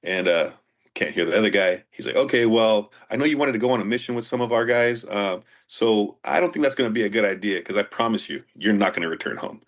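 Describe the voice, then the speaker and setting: A man's voice: lowish voice, fast talker. A man, a former Marine guest, telling profane war stories in casual chat. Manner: profane, animated storyteller. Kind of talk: casual storytelling.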